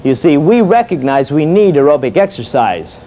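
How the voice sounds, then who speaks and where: Leading an exercise demonstration, this fitness instructor keeps things folksy and jokey, asking himself questions and supplying the answers. His voice sits on the high side, sing-song, at a moderate pace, captured with the dull lo-fi sound of old video.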